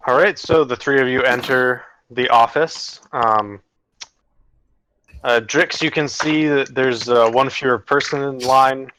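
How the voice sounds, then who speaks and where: A man running a tabletop game as game master, talking slowly with many pauses and fillers. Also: mid-range voice, background noise. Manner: slow, halting, with many fillers.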